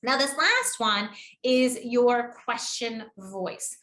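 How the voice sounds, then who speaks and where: A bright, fairly high-voiced woman from New England, with its accent, talking fast in a chatty training lesson. She shows off good and bad delivery by moving her pitch around. The sound is echoey, as if she is in a bare room. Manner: lively, demonstrates delivery with shifting pitch. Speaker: public speaking trainer. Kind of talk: online training presentation.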